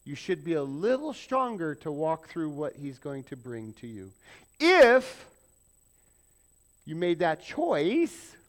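Male preacher, sermon delivery, higher voice that swoops up and down, plays out quoted prayers. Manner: animated preaching, acting out quoted prayers, joking with congregation. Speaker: pastor.

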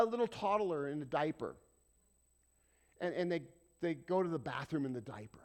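Dramatic pastor, higher-pitched. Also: male voice, expressive, moderate pace. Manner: dramatic, swings from loud urging to near-whispers; conversational, asks the congregation questions. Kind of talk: sermon.

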